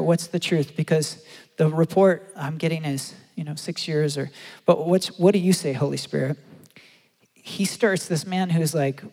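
A man preaching a sermon and telling a story, acting out the quotes with animated delivery. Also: on the high side. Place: large church hall. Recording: long hall reverb.

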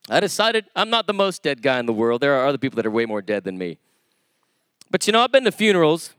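A man's voice: a little high, very animated, fast talker, a bit bright, smooth, no room sound. A man preaching a sermon with passion, telling stories and acting out the dialogue. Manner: impassioned, storytelling with quoted dialogue.

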